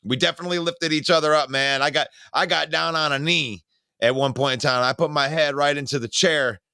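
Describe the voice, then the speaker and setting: Excitable man in bright, dry sports talk. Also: on the high side, brisk, smooth, no room sound. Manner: emotional, rambling with many restarts. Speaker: sports show co-host.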